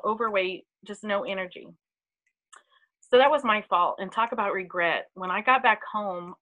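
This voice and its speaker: Woman with a bright voice sharing her story live, heartfelt, lots of ums. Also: medium pitch, rough recording. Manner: heartfelt, hesitant with many ums. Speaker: team member sharing a testimonial. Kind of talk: emotional personal testimony. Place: live online video.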